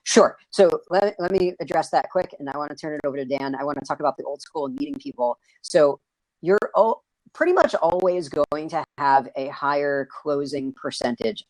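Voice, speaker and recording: An energetic, excitable man who hosts a casual live video-stream chat, raising his voice over a video call. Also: fairly high pitch, a little fast, dry recording, poor audio. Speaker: host.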